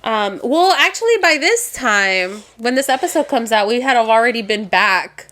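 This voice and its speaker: A woman's voice: a little high, expressive, moderate pace, fairly bright tone. A young woman co-hosting a podcast in casual chat, congested from a cold, laughing often, swearing and slipping into Spanish. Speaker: podcast co-host.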